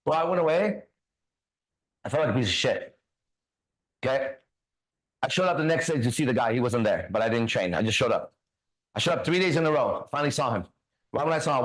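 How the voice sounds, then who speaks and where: A man hosting a faith talk show, telling a story in a casual, profane, animated way and acting out the other voices. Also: medium pitch, low-quality recording. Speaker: ministry host.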